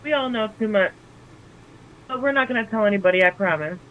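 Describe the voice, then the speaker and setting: A man's voice: high-pitched, fast, phone-quality sound, natural voice. A man voicing an earnest young adventurer who reassures others she will keep a secret.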